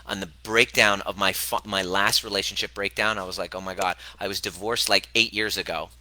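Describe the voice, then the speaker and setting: A man's voice: steady tone, brisk, bright, forceful tone, low-quality recording. A man in his forties giving a motivational self-help talk as host and coach, speaking bluntly and swearing freely. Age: 40s. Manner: blunt and profane, with emphatic, swooping pitch.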